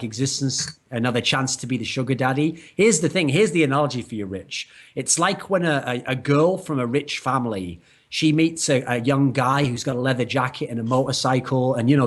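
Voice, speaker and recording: A man co-hosting an esports podcast, long-winded and arguing through elaborate analogies. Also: medium pitch. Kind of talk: casual chat.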